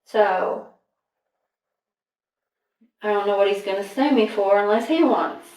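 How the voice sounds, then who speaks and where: Woman interviewee, soft and hesitant, distant roomy interrogation audio. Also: mid-range voice. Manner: soft-spoken, halting, trailing off. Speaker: interviewee questioned by detective. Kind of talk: recorded police interview. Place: interrogation room.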